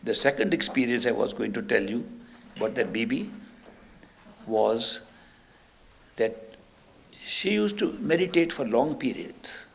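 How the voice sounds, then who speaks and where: A man's voice: medium pitch, expressive, unhurried, vocal fry, long pauses, slight background noise. An older man, giving a spiritual talk and telling stories in an anecdotal, emphatic way. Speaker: spiritual teacher.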